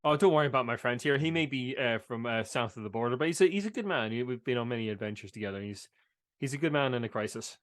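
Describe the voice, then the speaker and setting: A man's voice: expressive, fast. A man playing a tabletop game in character, earnest and full of questions. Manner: earnest, questioning, rising pitch. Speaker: player. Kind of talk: tabletop role-play chat.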